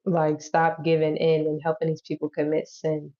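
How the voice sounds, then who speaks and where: Casual low-voiced woman tarot reader. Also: monotone, normal speed, noisy background. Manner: loose, chatty, swears and laughs easily. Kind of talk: casual tarot reading to camera. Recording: dull lo-fi audio.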